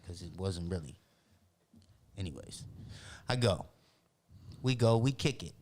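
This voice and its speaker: Animated, profane storyteller from Boston. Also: male voice, low-pitched, measured pace, a little hiss or hum. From Boston, Massachusetts. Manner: animated, profane, acts out other people's voices. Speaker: podcast guest. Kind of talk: casual storytelling chat.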